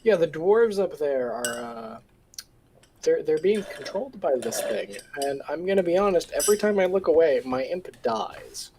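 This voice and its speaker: Animated, stumbling player voicing a wary character; lively pitch swings. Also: moderate pace, a little hiss or hum, low-quality recording. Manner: hesitant, many restarts, swears. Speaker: tabletop game player. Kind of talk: casual in-character play.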